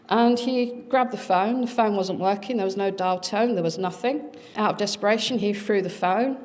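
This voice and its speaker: A middle-aged woman speaking at a conference, earnestly recounting a family experience with dramatic pauses. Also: mid-range voice, a little mellow. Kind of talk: personal storytelling talk.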